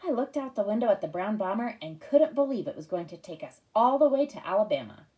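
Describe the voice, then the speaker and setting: A woman narrating a first-person audiobook in a wry, expressive storytelling manner. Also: medium pitch, fast talker, rough recording.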